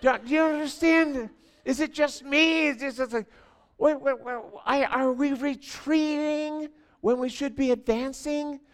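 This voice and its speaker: A man in his sixties preaching a sermon in a church, telling stories animatedly and swinging from quiet asides to near shouting. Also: very high voice, steady tone, unhurried. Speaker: pastor.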